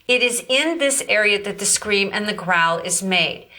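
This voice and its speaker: A woman's voice: mid-range voice, lively intonation, moderate pace, sharp tone. A woman vocal coach giving a lesson, explaining technique and prompting her student to repeat after her. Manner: directive, demonstrates growls and coaxes the student. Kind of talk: instructional demonstration.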